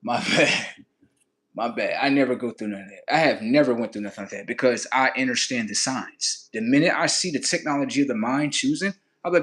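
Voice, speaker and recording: A man hosting a livestream, telling crude, comedic stories in an animated, rambling way. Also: medium pitch, brisk. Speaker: livestream host. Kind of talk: profane comedic storytelling.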